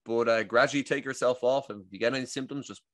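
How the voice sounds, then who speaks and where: An Irish man voicing a relaxed, open-minded respiratory consultant who talks to a patient. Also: mid-range voice, fast, dry recording, studio quality, natural voice. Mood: calm. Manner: easygoing, accommodating.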